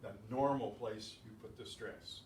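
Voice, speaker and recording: A man's voice: lowish voice, a little slow, darkish tone, a little hiss or hum. A man teaching a beginners' Spanish class, explaining rules methodically with chatty asides. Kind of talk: classroom lesson. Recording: echoey room, distant mic, faint ambience.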